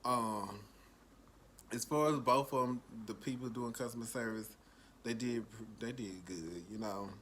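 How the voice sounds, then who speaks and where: A drowsy, well-fed man speaks, drawling through a casual food review and repeating himself as he talks to his viewers. His pitch sits in an ordinary middle range, and a faint hum of noise stays underneath. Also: a little slow, a bit bright. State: sleepy and full after eating. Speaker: food vlogger.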